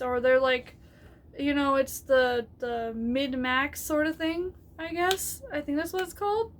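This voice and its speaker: A woman's voice: sits high, normal speed. A woman giving casual, rambling advice on a tabletop game, with many fillers and restarts, laughing often.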